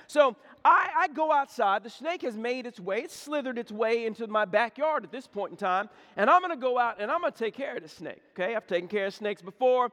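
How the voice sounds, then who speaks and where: In an echoey hall, a pastor with a very high-pitched voice preaches a little fast, barely pausing. He tells a folksy, funny story with animated delivery and lots of repeated words.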